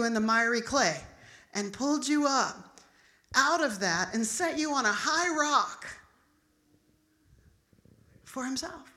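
A woman's voice: high voice, fairly bright tone, roomy sound. A middle-aged woman pastor preaching an emphatic, storytelling sermon.

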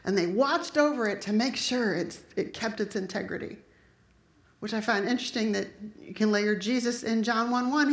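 A woman preaching a sermon in a chatty, conversational way, dropping joking asides to her congregation. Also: medium pitch. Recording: echoey room.

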